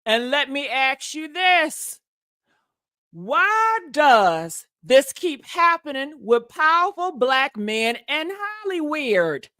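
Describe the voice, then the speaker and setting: A woman's voice: sits high, very animated, takes it slowly, bright, forceful tone, no room sound, clean studio sound. A woman hosting a gossip commentary vlog, sassy and dramatic, preaching at viewers with church-style calls and pet names like honey and baby. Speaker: commentary channel host.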